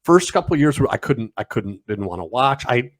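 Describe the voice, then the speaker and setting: A middle-aged man, co-hosting a podcast and telling stories in a reflective, halting way. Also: medium pitch, sing-song. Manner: reflective, halting storyteller with restarts. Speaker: podcast co-host. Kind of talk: casual chat.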